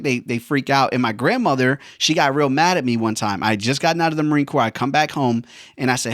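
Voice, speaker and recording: A man's voice: mid-range voice, quick pace, fairly bright tone, no room sound, studio quality. A man, a veteran and former helicopter pilot, rambling casually with slangy jokes. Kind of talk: casual monologue.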